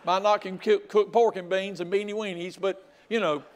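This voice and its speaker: An older man preaching a sermon, telling a folksy story with loud outbursts. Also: high-pitched, steady tone, moderate pace. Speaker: pastor.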